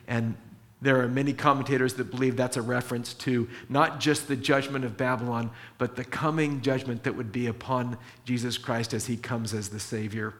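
A male pastor preaching a sermon, animated and acting out biblical dialogue, slowing down to stress key lines. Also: medium pitch. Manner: animated, acts out biblical dialogue, slows for emphasis.

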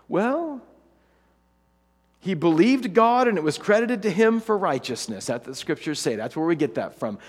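A man preaching a sermon, telling the story in an animated, humorous way and acting out the characters' lines. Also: sits high, moderate pace, long reverb tail.

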